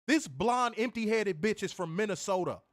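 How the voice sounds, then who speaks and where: Angry male co-host, high voice, profane heated rant on a stream. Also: animated, moderate pace. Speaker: wrestling show co-host.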